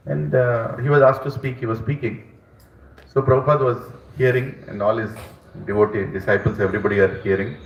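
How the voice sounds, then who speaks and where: A man lecturing on scripture, emphatic and repetitive as he tells stories. His voice sits at an ordinary middle pitch. It sounds roomy and picked up from a distance. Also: brisk, highs cut off, a little hiss or hum. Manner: emphatic, repetitive, animated storytelling. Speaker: scripture teacher. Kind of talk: lecture with storytelling.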